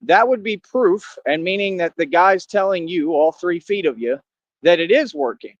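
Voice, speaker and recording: A man's voice: sits high, moderate pace, no echo. A young man in a boastful, confrontational monologue to the camera, full of slang and rhetorical questions. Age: young adult. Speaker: vlogger. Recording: dull lo-fi sound.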